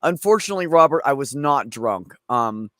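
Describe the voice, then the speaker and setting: A man's voice: mid-range voice, animated, normal speed, fairly bright tone, no echo, clean studio sound. A man hosting a casual chat, telling a long story in a rambling, profane way. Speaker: streamer host.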